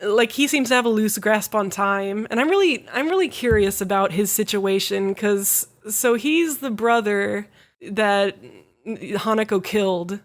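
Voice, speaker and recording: A young woman co-hosting a podcast, casually retelling an anime plot with lots of fillers, swearing and laughter. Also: medium pitch. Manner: quick, profane, giggly storytelling with many "like" fillers. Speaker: podcast co-host. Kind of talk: casual anime recap chat.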